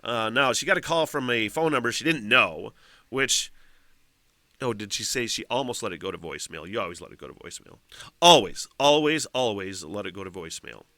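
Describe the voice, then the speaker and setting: Bright, dry-sounding podcast host, a man. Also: fairly low pitch, brisk, no echo. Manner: profane, animated, reacts with laughs and asides. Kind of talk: casual solo podcast commentary, reading a news story aloud.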